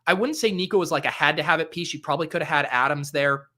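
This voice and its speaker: Bright-voiced, chatty male host. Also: on the high side, fast talker. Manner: chatty, upbeat, many "uh" fillers and self-corrections. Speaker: fantasy sports host. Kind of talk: casual solo recap.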